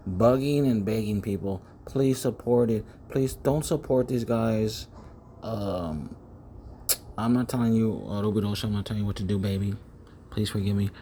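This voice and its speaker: A man's voice: lowish voice, darkish tone, a little hiss or hum. A man preaching in a rambling monologue, often repeating words, speaking close to the microphone. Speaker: self-styled preacher.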